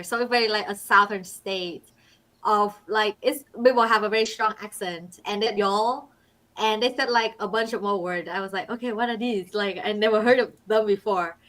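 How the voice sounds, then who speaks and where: A woman from Vietnam whose first language is Vietnamese, talking casually on a panel and sometimes pausing to find her words. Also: mid-range voice, bright, forceful tone. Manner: halting, searching for words. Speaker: international student guest.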